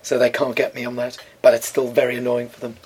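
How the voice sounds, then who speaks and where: A man from England in casual chat, adding short dry interjections and quick jokes. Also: mid-range voice, monotone, darkish tone, slightly rough.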